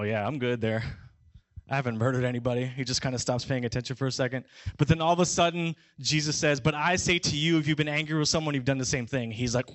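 A man's voice: fairly high pitch, fairly bright tone, no room sound. A young man giving a casual, conversational sermon, often checking in with "right?" and acting out how his listeners would react. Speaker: pastor.

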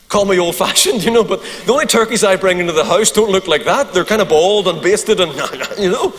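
Northern Irish male pastor, high-pitched, humorous storyteller, hall reverb. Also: fairly quick, hardly any pauses. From Northern Ireland. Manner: animated, humorous anecdote with asides to the crowd. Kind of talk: sermon storytelling.

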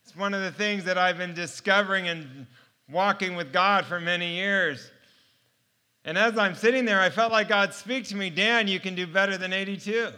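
A man's voice: high voice, normal speed, bright, forceful tone. A middle-aged man sharing a personal faith testimony, storytelling earnestly and laughing often. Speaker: speaker sharing his testimony.

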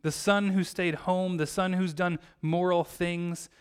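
Clear-voiced pastor telling a story. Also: male voice, high voice, measured pace. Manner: storytelling, acts out the characters' lines with lively shifts. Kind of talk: sermon.

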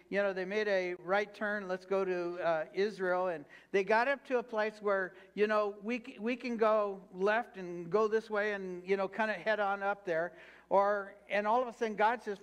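A man's voice: high-pitched, normal speed, fairly bright tone, clear, resonant tone. A man pastor preaching a sermon, reading scripture aloud and urging the congregation to repeat lines back to him. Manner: preaching with call-and-response prompts to the congregation; reads scripture aloud, then applies it with fervent repetition.

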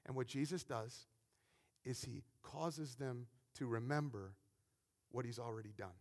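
A man preaching a sermon, animated, often repeating words and acting out the people he quotes. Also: mid-range voice, unhurried.

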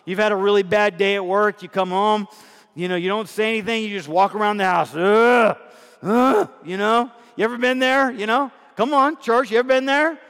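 Pastor, middle-aged man, chatty sermon delivery with questions to the church, higher voice, hall reverb. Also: steady tone, a little fast, fairly bright tone, smooth. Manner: conversational preaching with rhetorical questions to the congregation.

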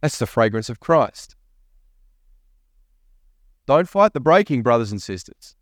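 Pastor preaching a sermon, dry sound. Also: male voice, mid-range voice, big pitch swings, a little slow, no echo. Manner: preaching with emphatic repeats and rising questions. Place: church.

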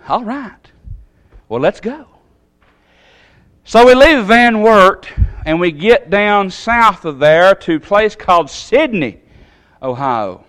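A man tells a personal story from the pulpit. His delivery is folksy and animated, swinging from quiet asides to sudden high bursts. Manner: folksy, animated storytelling with big pitch jumps. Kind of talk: storytelling sermon.

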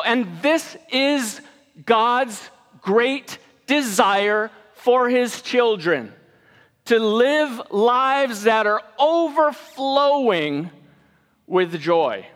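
Male pastor, very high voice, slow, loose conversational preaching in a reverberant church hall. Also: expressive, a bit bright. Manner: conversational, repeats words, leads congregation in recitation. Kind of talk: casual sermon.

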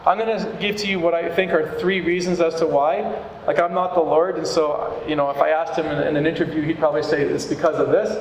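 A man's voice: a little high, fairly even intonation, fairly quick, slight background noise. A male pastor giving a sermon in a church, in an earnest, conversational preaching manner. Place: church hall. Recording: echoey hall with room ambience.

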